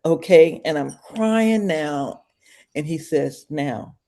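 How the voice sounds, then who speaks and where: An older woman, a podcast guest, telling an animated story in a casual interview and acting out every voice in it, from hushed to shrieking. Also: low-pitched, takes it slowly.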